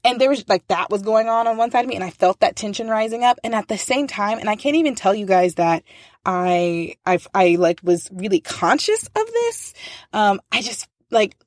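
Woman, teacher type, casual storyteller; mid-pitched, dry close sound, lively and prone to acting out quotes. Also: normal speed, no room sound. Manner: animated, acts out quoted voices, laughs often. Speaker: teacher and faith speaker.

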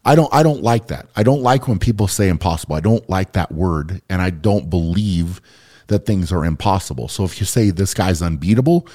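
A man's voice: deep voice, expressive, a little fast, warm tone. A man hosting a podcast in casual conversation, talking earnestly and often checking in with "right?". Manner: earnest, keeps asking "right?". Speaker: podcast host.

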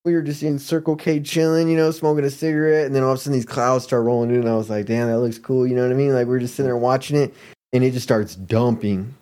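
A man from Arizona spins a casual story as a podcast guest. His voice sits mellow and dark, loose with slang. He slips into quick impressions of the people in the tale. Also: mid-range voice, steady tone. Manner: laid-back, slangy, mimics people in his stories.

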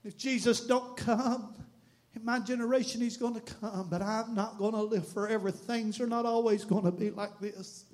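A man preaching an impassioned sermon in a church, swinging from hushed tones to shouting. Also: high voice, steady tone, moderate pace.

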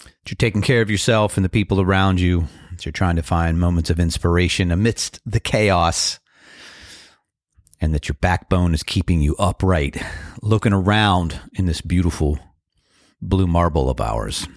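A man hosting his own podcast, talking casually and reflectively with many fillers, a slight frog in his throat that he keeps clearing. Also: low voice, normal speed, no room sound, studio quality. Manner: rambling, reflective, loose with fillers. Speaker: podcast host. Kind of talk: casual solo podcast talk.

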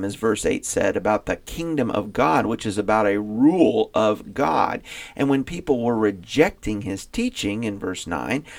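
A man's voice: fairly low pitch, gravelly. A man co-hosting a Bible podcast, talking through a passage in a chatty, thinking-aloud way with fillers and restarts. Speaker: podcast co-host. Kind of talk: casual Bible study discussion.

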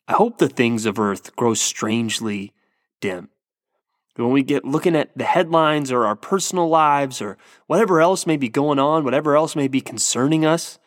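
A man's voice: medium pitch, dry recording, studio quality. A man preaching a sermon, earnest and emphatic, often restarting his words as he builds to a point. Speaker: pastor.

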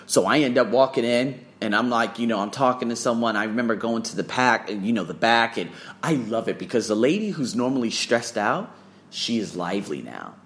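A man telling a travel story in a casual vlog, profane and excitable, swearing freely as he talks. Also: medium pitch, a little fast. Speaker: vlogger and English teacher.

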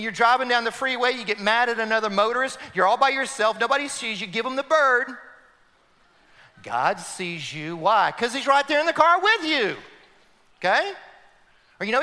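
A man's voice: very high-pitched, a little fast. A man preaching a sermon as pastor, talking straight to his congregation and getting them to respond. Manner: animated, leads the congregation in call-and-response. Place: church sanctuary. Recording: long hall reverb.

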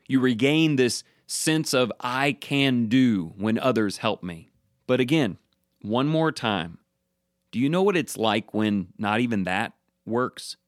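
Brief: male preacher, emphatic sermon delivery, lively intonation, mid pitch. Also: no room sound, studio quality. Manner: emphatic, slows down for stressed words.

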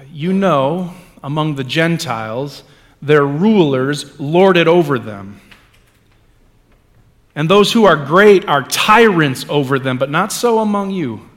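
A male pastor reading scripture aloud and then preaching a sermon, moving between hushed lines and loud ones, with casual asides. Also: on the high side, big-room sound. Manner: reads scripture with dramatic swings from hushed to loud; conversational asides with fillers.

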